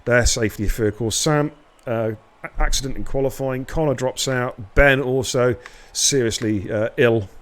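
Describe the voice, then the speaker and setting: A man's voice: medium pitch, moderate pace, hardly any pauses. A man from England commentating a sim race stream, joking and bantering casually with his co-host.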